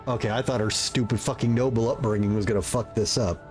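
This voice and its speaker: A man's voice: medium pitch, fairly even intonation, darkish tone, soft background music. A man streaming a role-playing game live, reacting casually and swearing freely. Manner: casual, profane, quick reactions.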